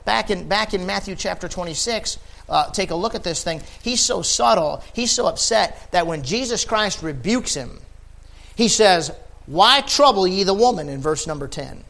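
A male preacher with a notably high voice delivers a sermon. His delivery builds from calm asides to fervent, loud emphasis. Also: gravelly. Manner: impassioned, swinging from quiet asides to shouted emphasis.

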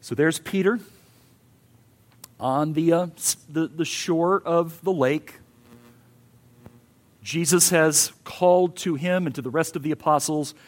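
A man's voice: fairly high pitch, slow pace, long pauses. A male pastor giving a sermon in an earnest, emphatic way, with rising and falling intensity.

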